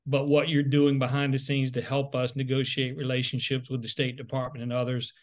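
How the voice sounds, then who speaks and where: A man's voice: mid-range voice, monotone, fairly quick. A middle-aged man, the CEO, giving casual, rambling thank-you remarks on a video call, often repeating words as he goes. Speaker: CEO closing a webcast.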